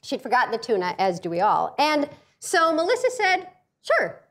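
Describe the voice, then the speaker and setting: A middle-aged woman gives a funny talk, her high voice swooping all over as she tells stories. She jokes freely and acts out other people's voices, pacing as she speaks. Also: very animated, fairly quick, fairly bright tone. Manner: paces while speaking. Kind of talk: humorous storytelling talk.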